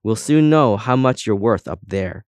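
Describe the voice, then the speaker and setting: A man voicing a bossy female tin opener who hands out tickets in a brisk, snappish way. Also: on the low side, expressive, no room sound, studio quality.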